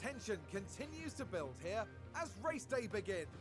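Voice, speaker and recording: An actor playing a polished race commentator opening a grand prix broadcast in a video game. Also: male voice, high-pitched, big pitch swings, normal speed, music in the background. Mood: hyped. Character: upbeat male TV race commentator.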